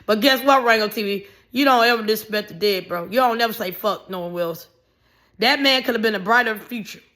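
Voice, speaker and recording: A woman giving casual, ranting commentary, blunt and animated, swearing freely and raising her voice in bursts. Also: on the high side, brisk. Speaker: vlogger.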